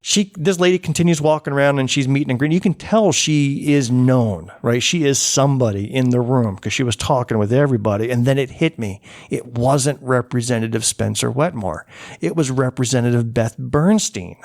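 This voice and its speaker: A man's voice: medium pitch, fairly quick, darkish tone. A man hosting a podcast, telling a self-deprecating story in casual chat and chuckling often. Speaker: podcast host.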